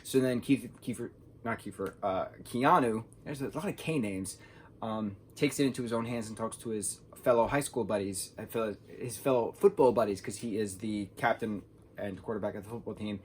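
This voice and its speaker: A man's voice: lowish voice, normal speed, slight background noise. A young man casually reviewing a film, rambling and filling his talk with "like". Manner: rambling, says "like" a lot.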